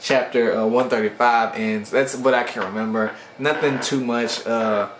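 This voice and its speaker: A man casually recapping webcomic chapters for his channel, retelling scenes with slangy asides and quick voiced-out lines for the characters. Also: mid-range voice, fairly even intonation, reverberant, background noise. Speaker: webcomic reviewer.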